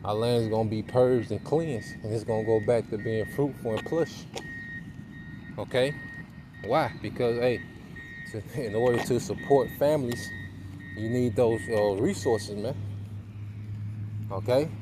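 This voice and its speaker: A man giving an informal sermon, reading scripture verses aloud more slowly and tagging his points with "okay?" and "man". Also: medium pitch, noisy background. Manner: punctuates with tag questions and "man". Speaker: preacher.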